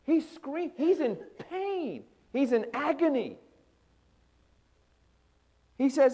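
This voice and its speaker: Male preacher, high-voiced, theatrical sermon delivery. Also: very animated, very slow, pauses often, mellow. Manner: dramatic, voicing scripture with swelling intensity.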